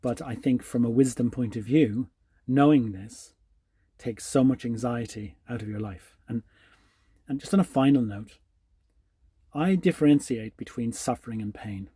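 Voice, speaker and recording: A man hosting his own channel, talking calmly and reflectively to the camera, often restarting his sentences. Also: mid-range voice, moderate pace, husky. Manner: calm, musing, with frequent restarts. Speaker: channel host. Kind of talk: reflective solo talk to camera.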